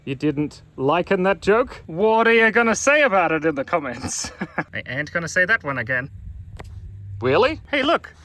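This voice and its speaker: A man's voice: on the high side, expressive, moderate pace, sharp tone. A man telling a stream of puns to the viewer as he walks through an outdoor cemetery in a playful vlog. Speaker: vlogger. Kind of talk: joke-filled walking vlog.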